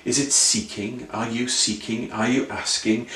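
A man's voice: medium pitch, level tone, measured pace, sharp tone. A man preaching an earnest sermon full of rhetorical questions and repeated phrases. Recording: roomy sound, voice from a distance.

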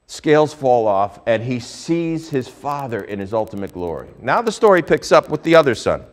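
A male pastor preaching a sermon, telling a Bible story with lively swings between hushed and loud delivery. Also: mid-range voice, normal speed.

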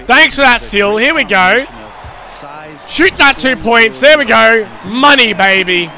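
A man commentating his own basketball video game, cheering plays loudly and chatting casually to viewers. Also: very high-pitched, expressive, a little slow. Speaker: gaming YouTuber. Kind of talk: live gameplay commentary.

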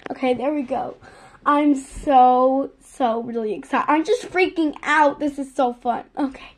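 A young woman filming a casual unboxing vlog, gushing and excitable, piling up "literally" and "so excited". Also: sits high, a little slow, slight background noise. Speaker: vlogger.

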